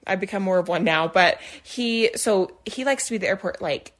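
On a casual podcast, a young woman co-host tells a story with animation, acting out the voices and quotes of the people involved. Her mid-range voice moves a little fast.

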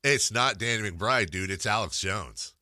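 A man hosting a sports radio show, chatting casually and getting animated. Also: fairly low pitch, a little slow, no room sound, clean studio sound. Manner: animated, swings up loud when riled. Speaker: radio host.

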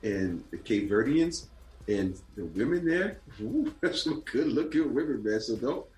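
A man's voice: medium pitch, very animated, measured pace, darkish tone, echoey room, rough recording. A man hosting a podcast, bantering casually and jokingly about sports with many stammered restarts. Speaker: podcast host.

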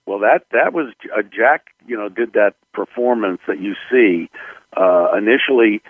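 An older man, a film director, telling stories about his films in an interview, unhurried and full of fillers. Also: fairly low pitch, no room sound, phone-quality sound. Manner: gravelly, unhurried storytelling with fillers. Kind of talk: interview recollections.

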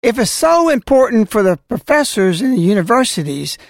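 A man's voice: sits high, very animated, a little fast, dry recording, clean studio sound. A man giving a scolding religious talk, full of rhetorical questions and warnings. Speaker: religious speaker. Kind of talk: preaching talk.

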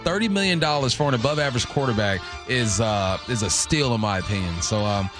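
A man co-hosting a sports radio show in a studio, giving relaxed, opinionated takes and laughing easily. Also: mid-range voice, brisk, music in the background. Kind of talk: casual sports talk.

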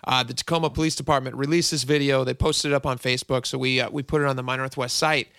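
A male radio host with a bright, forceful voice, recorded dry in the studio. He is upbeat and steers his guest with leading questions. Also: mid-range voice, fairly even intonation, fast talker, clean tone, no echo. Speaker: radio talk show host. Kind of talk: radio interview.

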